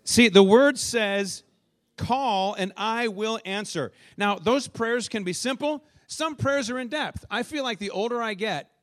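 Guy preaching in church, kinda high voice, tells stories, keeps asking the crowd stuff. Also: a little slow, fairly bright tone. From northern United States. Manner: storytelling preacher, engages congregation with questions. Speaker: pastor. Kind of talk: sermon.

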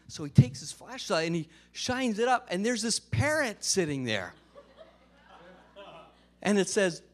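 A man preaches a conversational sermon, peppering it with casual fillers and jokes. His slightly high voice rises and falls with lively, animated swings. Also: a little slow. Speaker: pastor.

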